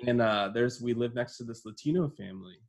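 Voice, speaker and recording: A man co-hosting a podcast, telling a story in casual chat, swearing and breaking into laughter and yells. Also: mid-range voice, a little fast. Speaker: podcast co-host.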